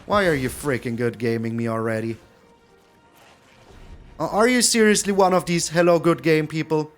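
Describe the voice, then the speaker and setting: A man giving live gameplay commentary as a card game streamer, animated and repeating his phrases with lots of mild swearing. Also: a little high, normal speed, soft background music.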